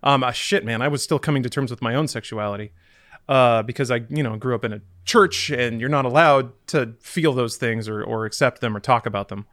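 A man's voice: medium pitch, brisk, a bit bright, dry recording, clean studio sound. A man telling a story on a podcast in a rambling, self-deprecating way, with many fillers. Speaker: podcast co-host. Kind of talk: casual chat, storytelling.

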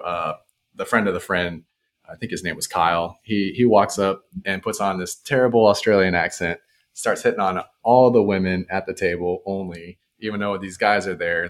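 Young man with a very low voice, laid-back storyteller with dry humor. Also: slight background noise. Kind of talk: casual storytelling.

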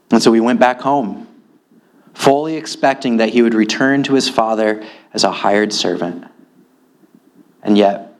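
A man preaching a sermon, slow and earnest, his voice rising in pitch when he stresses a point. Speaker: pastor.

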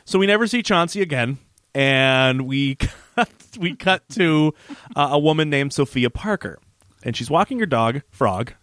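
Animated man recapping a TV episode. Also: a little high, measured pace, no echo. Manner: animated, laughing, acts out scenes. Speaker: podcast co-host. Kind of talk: casual chat recapping a TV episode.

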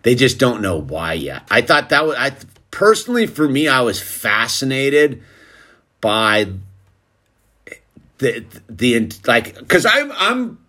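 A man's voice: medium pitch, huge pitch swings, slow pace, bright, forceful tone. A man casually telling a story about his son to camera, rambling and peppering it with "dude" and "like". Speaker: father telling a family story.

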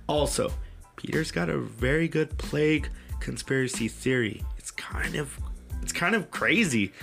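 A man's voice: mid-range voice, creaky, fairly bright tone. A man in the middle of his range hosts a laid-back podcast, ribbing his friends and cursing casually. Faint music plays underneath his voice. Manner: loose, joking, swearing. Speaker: podcast host.

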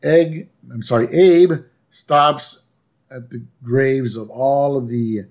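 A man's voice: medium pitch, takes it slowly. A man co-hosting a podcast, casually recapping a cartoon episode in a laid-back, agreeable way. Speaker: podcast co-host.

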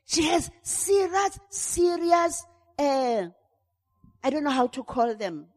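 A middle-aged woman preaches with a high voice and fervent conviction. She stumbles over fillers and repeats words, then presses forward into shouted prayer. Her voice rings with a long reverb in a hall. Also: expressive, takes it slowly. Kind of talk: sermon.

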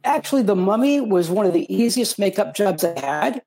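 A man, an actor on a panel, talking eagerly in a halting way and repeating words often. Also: sits high, lively intonation, a little mellow. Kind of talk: casual panel talk.

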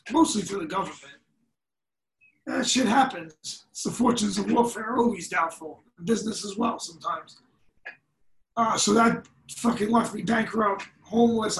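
A man's voice: high-pitched, far from the mic. A man, a podcast guest telling stories in a loose, profane, laughing way. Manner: profane, laughing, animated storyteller. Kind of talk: casual storytelling. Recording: echoey room, set back from the mic.

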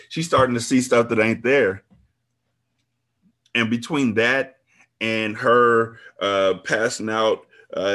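A man's voice: on the low side, a bit bright. A man hosting a podcast, reading a novel aloud and commenting in a casual, profane, laid-back way.

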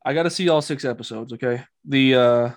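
A man talking casually as a podcast co-host, rambling through his opinions and mocking what he dislikes. His voice sits at an ordinary pitch. The sound is dry, with no room echo. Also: brisk. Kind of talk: casual chat.

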